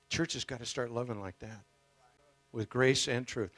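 A man preaching a sermon, telling a story with passion and emphatic swings in loudness. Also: medium pitch, fairly even intonation, normal speed, no echo.

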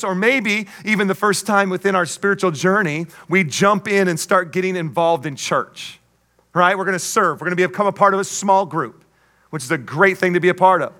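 High, bright-voiced emphatic preacher man. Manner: emphatic, call-and-response preaching; playful asides and jokes. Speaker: pastor. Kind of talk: sermon.

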